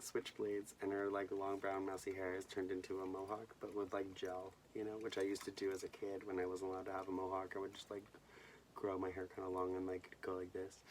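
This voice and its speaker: A young man from Southern California hosting a bedtime movie vlog, telling a personal story in a soft, hushed way that often drops to a whisper. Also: sits low, recorded from a distance, slight background noise. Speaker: host.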